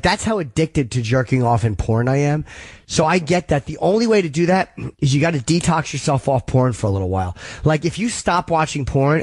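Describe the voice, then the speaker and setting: A man hosting a call-in radio show who gives blunt, frank, profane advice and keeps clearing his throat. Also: on the high side, no room sound. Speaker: radio host.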